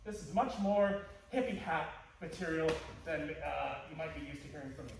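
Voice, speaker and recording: A man's voice: fairly high pitch, moderate pace, gravelly, noisy background. A man teaching a martial arts class, playful and joking, often restarting his sentences. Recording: echoey hall, distant mic.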